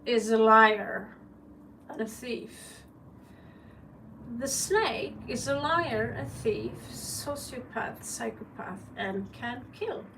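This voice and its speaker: A tarot reader from Norway gives a casual live reading, chatty and joking and swearing bluntly, in a Norwegian accent. Her fairly high, creaky voice goes slowly, picked up by a distant mic with faint background noise.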